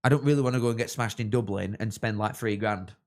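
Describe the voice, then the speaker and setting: A young man chatting casually on a live football watchalong, rambling and thanking viewers, with sudden excited shouts. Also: fairly low pitch, fast. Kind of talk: casual live-stream chat with match reactions.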